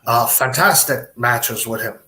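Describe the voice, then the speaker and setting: A man's voice: medium pitch, unhurried, crowd noise. A middle-aged man, a wrestler, telling rambling stories with quoted dialogue in a casual interview. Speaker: podcast guest, wrestler.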